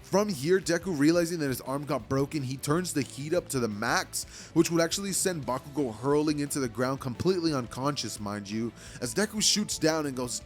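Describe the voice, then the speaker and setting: A man's voice: fairly high pitch, lively intonation, brisk, hardly any pauses, faint music behind. A man casually telling a fan-made story, rambling and filling with "like" and "you know".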